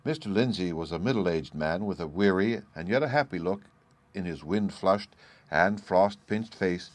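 A man narrating a storybook in a steady, measured reading. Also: low voice.

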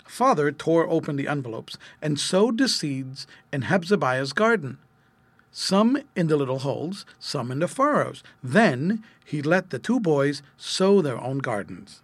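Husky-voiced man reading a storybook. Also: fairly high pitch, very animated, measured pace, no echo. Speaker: narrator.

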